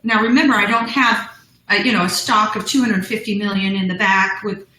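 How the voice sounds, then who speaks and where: A woman's voice: medium pitch, fairly even intonation, fairly quick, sharp tone, echoey room, low-quality recording. A middle-aged woman, a business founder, telling her story as a guest in a live interview, bubbly and laughing often. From United States.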